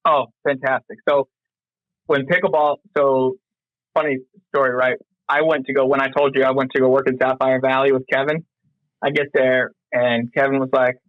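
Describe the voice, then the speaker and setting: A man's voice: mid-range voice, flat delivery, brisk, dry recording. Rambling man talking business, dry lo-fi sound. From North Carolina. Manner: rambling, lots of fillers and restarts. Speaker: podcast guest. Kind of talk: casual interview chat.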